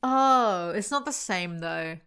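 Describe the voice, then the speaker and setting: A woman's voice: mid-range voice, normal speed, sharp tone. A young British woman who makes videos, reading a novel aloud and breaking off for sarcastic, self-mocking asides. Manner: sarcastic, wry and self-mocking, laughs often. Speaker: YouTuber.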